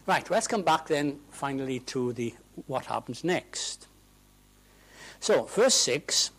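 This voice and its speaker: A man preaching a sermon in a church, swinging from hushed asides to loud, ringing proclamations. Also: medium pitch, lively intonation, slow pace, low-quality recording.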